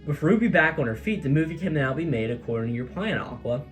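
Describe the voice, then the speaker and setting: Brief: a knowing, taunting crow-spirit girl, sly and lecturing, read by a man close to his own voice, with a lively lilt. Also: fairly high pitch, quick pace, soft background music, lightly acted.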